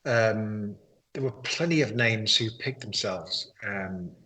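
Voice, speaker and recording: A man's voice: lowish voice, slow, sharp tone, rough recording. A man answering interview questions in a casual chat, thinking aloud with hesitations and restarts. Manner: thoughtful, hesitant, many ums and restarts. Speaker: guest, expert player.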